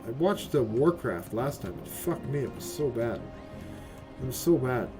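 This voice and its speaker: A man's voice: medium pitch, normal speed, over music. A man casually commenting on a game as he streams it, cursing freely, talking to his chat and tagging "right?" onto his sentences. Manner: profane, excitable, talks to chat, keeps asking "right?".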